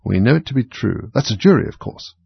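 A man's voice: lowish voice, animated, fairly quick, creaky, breathy edge, exaggerated voice. A man voicing a fussy, self-important old king who mutters and preens, in a storybook reading. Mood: pompous. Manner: muttering, pompous. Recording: dull lo-fi recording.

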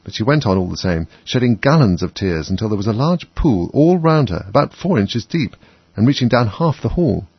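A man's voice: medium pitch, sing-song, normal speed, breathy edge, no room sound. A man narrating a children's storybook expressively as an audiobook, on a dull, dry recording.

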